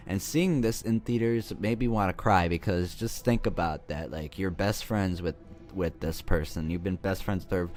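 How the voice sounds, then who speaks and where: A man with a low, deep voice tells a movie's story in a loose, rambling way. He swears freely and jokes between plot points, sounding casual and unscripted. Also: moderate pace, a little mellow. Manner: rambling, profane, joking. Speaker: movie reviewer.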